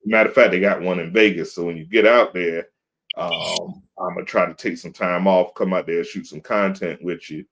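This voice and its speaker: A man's voice: low voice, steady tone, moderate pace, vocal fry, a bit bright, husky. A man in his thirties, co-hosting a podcast in casual chat, telling laid-back stories and acting out quotes. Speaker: podcast co-host. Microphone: video call.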